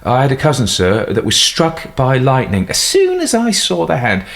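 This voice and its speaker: A man reading an audiobook, voicing a blunt, gruff male butler who is curt with the staff and deferential to his employers. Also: mid-range voice, wildly swooping pitch, normal speed, a bit bright, pitched above the performer's own voice, heavily acted. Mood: insistent.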